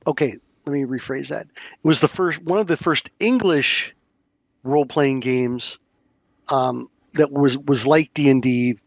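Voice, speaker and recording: A man's voice: a little high, gravelly, no room sound, highs cut off. A man hosting a podcast, talking casually and rambling with many restarts. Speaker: podcast host. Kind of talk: casual chat about tabletop games.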